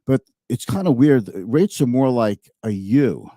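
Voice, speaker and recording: A man's voice: medium pitch, animated, unhurried, warm tone, no echo, clean studio sound. A man hosting a finance show, giving casual market commentary in a chatty, thinking-aloud way and often correcting himself mid-sentence.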